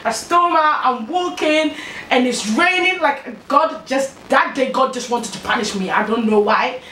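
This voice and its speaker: A young woman tells a storytime vlog, slangy and animated, her fairly high voice sitting a little back from the mic. The room is echoey, with a faint hum of ambience behind her. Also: a little slow, recorded from a distance. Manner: animated, slangy, laughs while telling. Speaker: vlogger.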